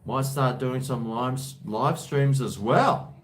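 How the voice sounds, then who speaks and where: A man's voice: mid-range voice, slow pace. An Australian man hosting a live stream from home, chatting in a rambling way and reading viewer comments aloud. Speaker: livestream host. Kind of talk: casual live-stream chat.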